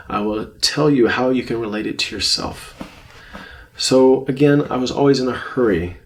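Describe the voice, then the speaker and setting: A male course instructor with a medium-pitched voice teaches a self-help lesson on anxiety. He speaks gently and reflectively, often repeating phrases for emphasis.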